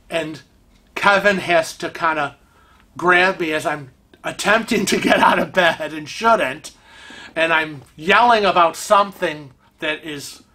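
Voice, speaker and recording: A man with a bright, forward voice tells a story in his family room at home. He talks casually and with lots of energy, laughing now and then as he goes. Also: fairly high pitch. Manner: animated, chatty, laughs through the story. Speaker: vlog host.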